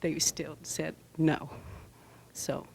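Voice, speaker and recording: An older woman from Arizona speaking at a public comment, halting and emotional. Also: sits low, flat delivery, gravelly, a little mellow, slight background noise. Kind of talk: public comment at a board meeting.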